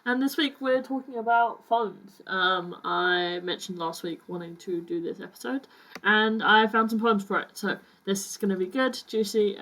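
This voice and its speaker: A woman's voice: medium pitch, a bit bright, low-quality recording. A woman hosting a poetry podcast, chatting casually about poems with lots of fillers and restarts, and reading them aloud. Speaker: podcast host.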